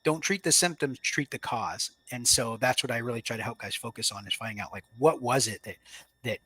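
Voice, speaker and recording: A man in his thirties speaks earnestly and reflectively as a podcast guest, recounting a personal turning point and then coaching listeners directly. His voice is bright and forward, recorded close and dry with no room around it. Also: medium pitch, brisk, husky, no room sound. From Washington state, US. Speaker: podcast guest, Marine veteran. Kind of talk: casual interview storytelling.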